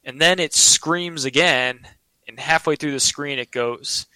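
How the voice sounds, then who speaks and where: A man's voice: on the high side, unhurried, sharp tone, clear, resonant tone, no room sound, rough recording. A man telling a personal story in a casual, earnest, rambling way, often restarting his sentences.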